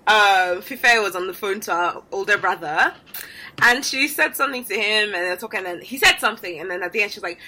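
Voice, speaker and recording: Bright-voiced British woman with Nigerian tones. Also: mid-range voice, lively intonation, fairly quick. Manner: teasing, chatty. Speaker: podcast co-host. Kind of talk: casual chat.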